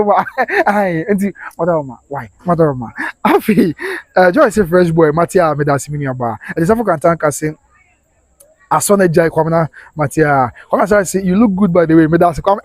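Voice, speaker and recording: A Ghanaian man runs a casual live stream, rattling through viewer comments at a brisk clip. His voice sits a bit high, and the dry, close sound carries his frequent laughs as he switches freely between English and Twi. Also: expressive, dry recording.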